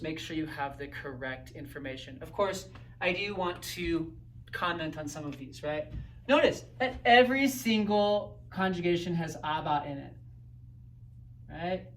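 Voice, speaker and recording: A man's voice: a little high, a bit bright, recorded from a distance, a little hiss or hum. A man teaching a recorded grammar lesson in an upbeat, coaching way, often checking in with "right?" and "okay?". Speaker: Spanish teacher.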